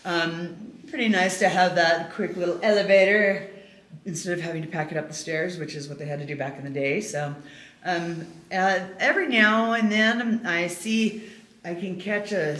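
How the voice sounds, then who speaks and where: A woman's voice: on the low side, fairly bright tone. A woman guiding a tour through an old hotel, chatting and telling stories with many fillers. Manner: chatty storyteller, many fillers, laughs easily. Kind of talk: casual guided tour talk. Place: inside an old abandoned hotel. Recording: echoey room, faint noise.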